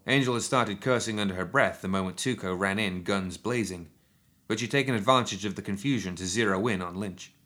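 A man narrating a written action story in a steady, measured storytelling manner. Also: on the low side. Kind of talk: scripted audiobook narration.

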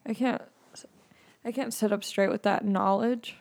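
A young woman hosts a podcast, rambling in a loose, sarcastic way. Her jokes land deadpan. Her voice has a warm, mellow darkness to it. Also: mid-range voice, unhurried. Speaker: podcast host. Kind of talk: casual comedic monologue.

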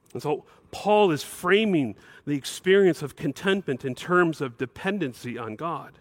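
A middle-aged man preaching a sermon as pastor, emphatic, with bursts where his voice climbs higher. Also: no echo.

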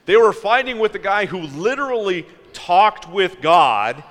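Man preaching, slightly high voice, very slow and reflective, rhetorical questions, long hall reverb. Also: sing-song, fairly bright tone. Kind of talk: sermon.

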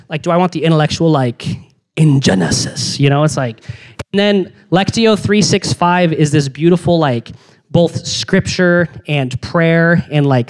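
A young man giving a casual youth sermon, energetic and slangy, with frequent restarts and asides. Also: a little high. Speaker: youth pastor.

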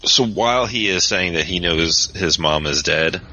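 A man's voice: low-pitched, unhurried, sharp tone. A man narrating a tabletop game as game master, describing the scene casually with lots of fillers. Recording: dull lo-fi podcast audio.

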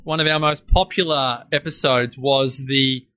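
Bright, enthusiastic man. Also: mid-range voice, fairly even intonation, measured pace. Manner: enthusiastic, playful hyperbole. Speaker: podcast co-host. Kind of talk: casual podcast chat.

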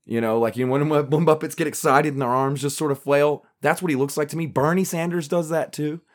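A man's voice: fairly high pitch, fairly even intonation, brisk. A man with a Southern US accent co-hosting a podcast in casual, rambling chat. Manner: chatty, rambling with restarts and laughs. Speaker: podcast co-host.

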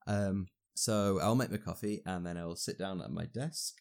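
Low-voiced young man, relaxed chat. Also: normal speed, vocal fry. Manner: relaxed, rambling with fillers. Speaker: university student. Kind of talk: casual podcast chat.

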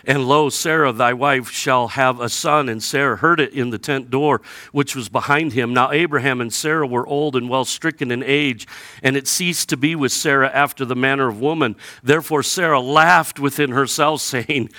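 A male pastor preaching a sermon, animated and acting out the people in the stories with sarcasm, then dropping low and quiet to read scripture. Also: moderate pace, no echo. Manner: animated, acts out biblical characters with sarcasm.

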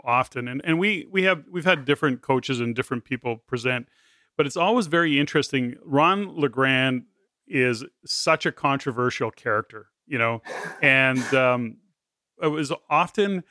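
Male podcast host, bright and forceful, chatty and rambling, dry close sound. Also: medium pitch, no echo. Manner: rambling, with many restarts. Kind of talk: conversational podcast interviewing.

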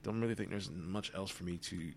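Tired young dude venting on his podcast, super low croaky voice, cusses a lot. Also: a little fast, a little hiss or hum. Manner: weary, rambling, swears freely, drops into whispers. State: worn out. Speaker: podcast host. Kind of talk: solo reflective monologue.

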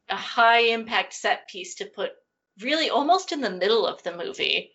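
A woman's voice: medium pitch, a bit bright. A woman co-hosting a podcast, chatting casually about a movie, laughing often and trailing off mid-sentence. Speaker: podcast co-host. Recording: dull lo-fi audio.

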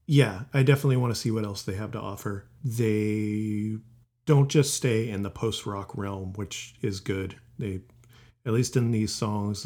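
A man from the United States co-hosting a casual chat show, relaxed and easygoing. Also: fairly low pitch. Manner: relaxed, easygoing, laughs along. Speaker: podcast co-host.

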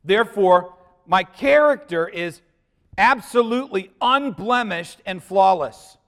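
A pastor preaching a sermon to a congregation, swinging between loud emphasis and quiet, hushed lines and putting questions to the listeners. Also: male voice, high voice, lively intonation, takes it slowly.

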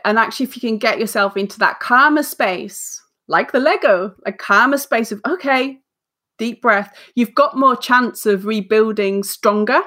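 With a sharp tone in a voice on the high side, a forty-something author speaks at a moderate pace during a casual podcast interview. She tells her story energetically, playing out her self-talk and laughing at her own expense.

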